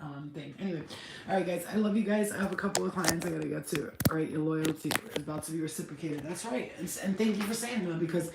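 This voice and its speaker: A woman's voice: on the low side, fast, reverberant, noisy background. A woman hosting a spiritual livestream, chatting candidly, swearing freely and answering viewer comments. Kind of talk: casual livestream chat.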